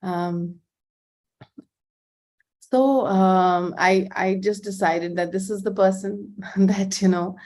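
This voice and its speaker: A woman's voice: mid-range voice, fairly even intonation, slow, pauses often, darkish tone. A middle-aged woman from India shares a personal testimony in a heartfelt, hesitant way. She stops often and fills the gaps with ums and uhs. Her voice sits in the middle of the usual range for a woman. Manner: hesitant, many fillers, heartfelt. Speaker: devotee giving a talk.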